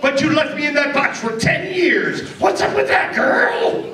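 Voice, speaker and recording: A bossy talking crystal skull, as a man puts him on, high-pitched and sassy, shouting his demands. His sing-song voice leaps around. The sound is roomy, distant and noisy. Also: lively intonation, moderate pace, heavily acted. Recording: roomy distant mic with background noise.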